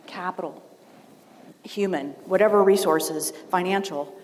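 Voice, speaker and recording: Lower-voiced woman giving a keynote in a hall. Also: slight background noise. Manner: conversational, storytelling, frequent "right?" asides. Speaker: keynote speaker. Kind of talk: conference keynote speech. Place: large event hall. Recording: long hall reverb, faint ambience.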